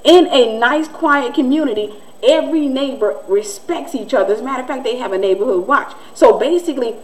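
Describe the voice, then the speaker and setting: Animated preaching woman in her forties. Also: high-pitched, a little fast, poor audio. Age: 40s. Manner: conversational, animated, acts out quoted voices. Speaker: Christian teacher and host. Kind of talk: preaching-style teaching talk.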